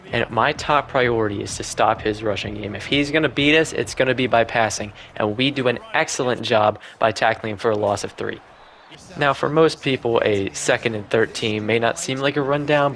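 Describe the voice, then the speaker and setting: A young man narrating his football video game match in a relaxed, casual voice. He walks through each play with easygoing, self-deprecating remarks, at an ordinary mid pitch. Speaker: gaming YouTuber. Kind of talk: video game commentary voice-over.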